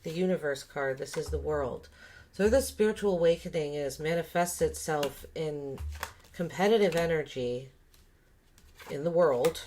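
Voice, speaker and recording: Low-voiced lady reading tarot cards, thinking out loud, bit of faint hiss behind. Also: moderate pace. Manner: musing, thinking aloud with many fillers and restarts. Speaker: tarot reader. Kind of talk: casual spoken tarot reading.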